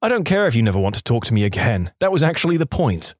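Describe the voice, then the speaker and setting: A man reads out short stories in a scripted narration. His pitch sits in a middle register but swings widely as he tells them. The sound is dry, with the voice close to the mic. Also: big pitch swings, fast talker, dry recording.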